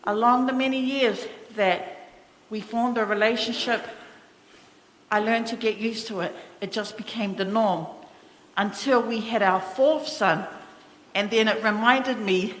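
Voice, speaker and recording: A middle-aged woman giving a fond, reminiscing funeral eulogy in a large church, a little halting at times. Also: mid-range voice, fairly bright tone. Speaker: family member giving a eulogy. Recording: echoey church hall, faint ambience.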